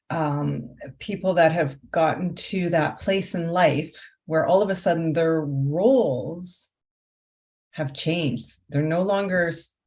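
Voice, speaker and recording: A woman life coach talking through her work in an interview, reflective, often posing rhetorical questions. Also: deep voice. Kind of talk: conversational interview.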